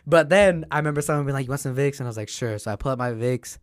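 Young man, mid-pitched, dry close mic; animated, profane storyteller who acts out every quote. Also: very fast, no room sound. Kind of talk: casual chat.

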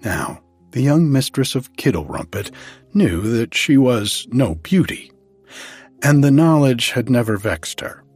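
A man calmly reading a fairy tale aloud as a bedtime story. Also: mid-range voice, husky, dry recording, soft background music. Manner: calm, measured.

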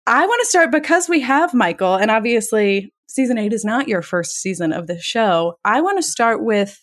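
A woman's voice: on the high side, expressive, moderate pace. Chatty woman hosting a podcast. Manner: chatty, self-aware. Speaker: podcast host. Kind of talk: casual podcast chat.

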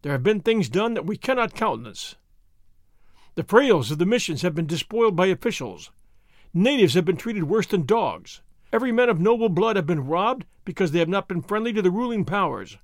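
A man's voice: sits high, big pitch swings, brisk, no echo, clean studio sound. A man voicing a proud young noble horseman leader in an audiobook reading, speaking in a stern, declaiming way.

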